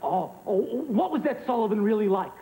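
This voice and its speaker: A jittery, babbling temp stand-in. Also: male voice, high-pitched, animated, a little fast, a crowd in the background. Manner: stammering, fidgety, babbling. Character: nervous, rambling male temp worker filling in for a rock star. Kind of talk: TV sketch comedy. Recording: noisy TV broadcast recording.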